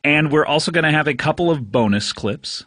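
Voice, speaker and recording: A man's voice: on the high side, animated, fairly quick, a bit bright, no room sound, clean studio sound. A man hosting a comedy podcast, bantering playfully with mock-grand flourishes. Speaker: podcast host.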